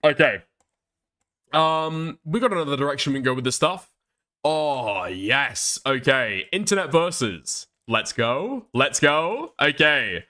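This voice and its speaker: A man's voice: a little high, unhurried. Sarcastic, foul-mouthed male streamer. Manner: animated, swears constantly, sarcastic. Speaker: streamer reacting to clips. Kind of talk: profane reaction commentary.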